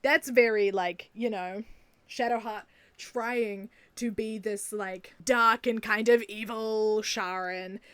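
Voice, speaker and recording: A young woman with a New Zealand accent, chatting excitedly in a casual video, gushing and often laughing. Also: mid-range voice, slow, smooth, dry recording. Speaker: video creator. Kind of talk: casual enthusiastic video commentary.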